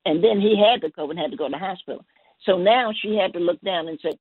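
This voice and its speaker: A woman guest telling a gentle story on a call-in show, halting and repeating her words. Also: on the low side, breathy edge, no room sound. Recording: dry tinny phone line.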